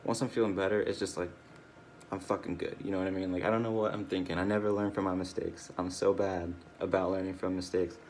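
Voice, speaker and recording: A man's voice: low-pitched, level tone, fast talker, hardly any pauses, a little mellow, slight background noise. A tired, drowsy man rambling through a casual personal video log, swearing often and losing his train of thought. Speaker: video diarist.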